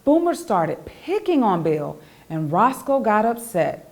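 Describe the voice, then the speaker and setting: Expressive woman reading a children's storybook. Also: mid-range voice, unhurried. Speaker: author reading her own children's book. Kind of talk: storybook read-aloud for children.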